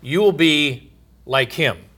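A man teaching from the Bible in a sermon, reading verses aloud with emphasis and pausing with many fillers. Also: a little high, lively intonation, sharp tone.

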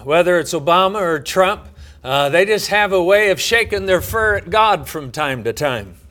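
Slow, bright-voiced male preacher. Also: fairly high pitch. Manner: folksy, halting storyteller with many "uh" fillers. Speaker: pastor. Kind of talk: sermon with storytelling.

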